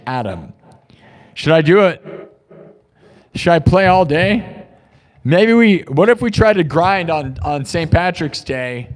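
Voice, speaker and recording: A man chatting casually on a live music stream, rambling and joking, with sudden bursts of hyped shouting. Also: medium pitch. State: hand sore from playing. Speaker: livestreaming musician. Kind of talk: casual livestream chat between live music loops.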